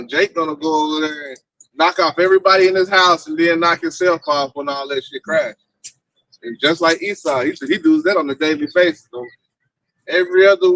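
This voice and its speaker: A man in a religious group discussion, talking in an animated, mocking way. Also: a little high, low-quality recording. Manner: animated, mocking, does voices in his retellings.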